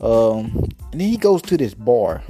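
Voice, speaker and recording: A man's voice: mid-range voice, sing-song, unhurried, warm tone, soft background music. A man hosting a podcast, ranting in a casual, slangy way and often repeating himself for emphasis. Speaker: podcast host. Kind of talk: casual rant.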